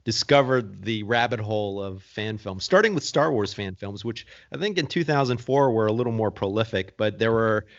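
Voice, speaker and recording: A man guest on a podcast, calmly recounting his story in an easygoing, measured way. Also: fairly low pitch, muffled recording. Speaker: guest, actor. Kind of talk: casual conversational recounting.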